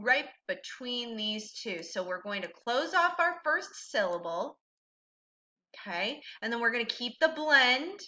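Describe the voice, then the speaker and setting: A woman's voice: fairly high pitch, bright, forceful tone. A woman teaching a recorded reading lesson to a child, patient and encouraging, asking questions and then answering them herself.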